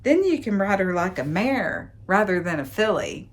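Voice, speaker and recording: A woman's voice: mid-range voice, big pitch swings, moderate pace. A woman recapping a romance novel as host of a book show, with wry, sarcastic asides and dramatic emphasis. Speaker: book reviewer and podcast host.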